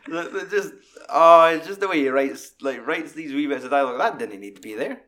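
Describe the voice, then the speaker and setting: A man's voice: fairly high pitch, fairly quick, few pauses. A man in casual film talk, swearing often and acting out lines from scenes. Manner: animated, sweary, acts out quotes.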